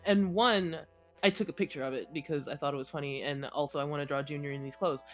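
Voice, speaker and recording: A woman's voice: low voice, fast talker, soft background music. A young woman chatting casually as co-host, telling rambling stories with lots of laughter. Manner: giggly, rambling, animated storytelling. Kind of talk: casual chat.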